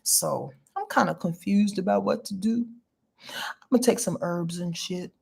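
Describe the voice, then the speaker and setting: A woman in her fifties, sleepy and talking from her bed, runs a loose astrology livestream. She chats with viewers in slangy, easygoing speech at a middling pitch. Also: normal speed, vocal fry, a little mellow, breathy edge. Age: 50s. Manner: chatty, slangy, addresses viewers directly. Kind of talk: casual livestream reading. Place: lying in her bed at home.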